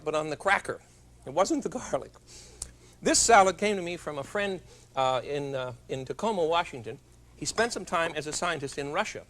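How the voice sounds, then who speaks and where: A middle-aged man with a voice on the high side and a fairly bright tone hosts a television cooking show. Demonstrating in a studio kitchen, he's chatty and jovial, throwing in joking asides.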